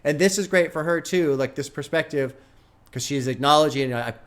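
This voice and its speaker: A man's voice: a little high, moderate pace. A man hosting a music reaction, talking through his thoughts in casual, reflective commentary. He swears often, and he is near tears. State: near tears, emotionally moved.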